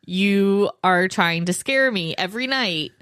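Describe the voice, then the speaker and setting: A woman's voice: medium pitch, lively intonation, a little slow, fairly bright tone, smooth, no room sound, studio quality. A woman in her thirties co-hosting a podcast with her husband, laughing often as she chats. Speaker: podcast co-host. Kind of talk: casual chat.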